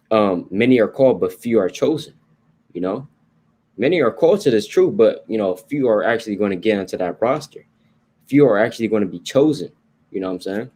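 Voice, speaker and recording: A man with a lowish, slightly mellow voice teaches the Bible in a casual, sermon-like way. He repeats his points and keeps checking in with "right?" and "you know."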